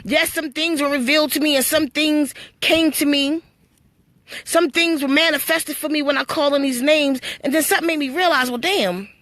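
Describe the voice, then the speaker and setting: A woman's voice: sits high, normal speed, fairly bright tone, no echo. A woman telling her spiritual story to live-stream viewers, blunt and full of swearing, preachy and storytelling. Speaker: livestream host.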